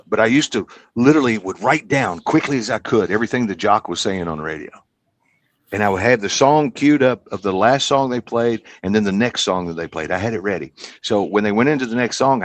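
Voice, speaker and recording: Telling stories casually in a podcast interview, a comedian and hypnotist from Kentucky in his fifties chats and rambles. His voice is lowish, and the recording is dry.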